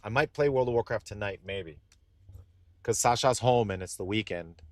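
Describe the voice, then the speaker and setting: A young man streaming live, chatting casually and excitedly straight to his viewers, rambling between thoughts. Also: on the low side, normal speed, dry recording.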